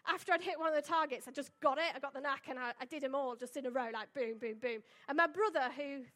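A woman's voice: sits high, fast talker, a bit bright. A young woman giving a casual, chatty sermon and telling stories, with lots of tag questions and fillers. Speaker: preacher.

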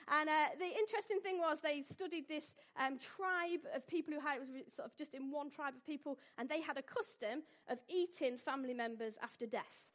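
Chatty high-voiced woman addressing an audience. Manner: chatty, jokey, asks the audience questions. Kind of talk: informal talk to a live audience.

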